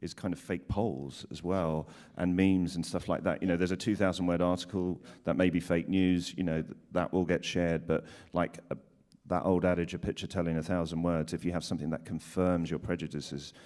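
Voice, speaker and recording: Deep-voiced male panel moderator. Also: flat delivery, fairly quick, a little mellow.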